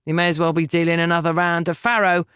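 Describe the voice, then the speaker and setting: A woman doing a gruff, stubborn young man. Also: a little high, level tone, fast, bright, forceful tone, no echo, clean studio sound. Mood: accusing. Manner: gruff, combative, plain-spoken. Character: blunt stubborn young man, scared of the sea.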